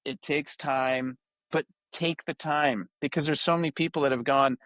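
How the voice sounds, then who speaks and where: A man with a fairly high voice, hosting a podcast in a dry, close sound. He talks with an emphatic and animated passion, leaning into his points like he is preaching. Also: moderate pace, no echo. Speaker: podcast host. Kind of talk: passionate interview talk.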